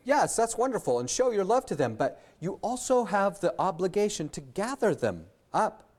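A man preaching an earnest sermon as a pastor, often pausing with fillers and restarting his sentences. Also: sits high, big pitch swings, darkish tone.

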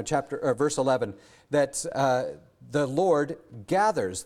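A man's voice: mid-range voice, darkish tone. Man preaching an earnest sermon. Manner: earnest preaching with frequent fillers and restarts. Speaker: pastor.

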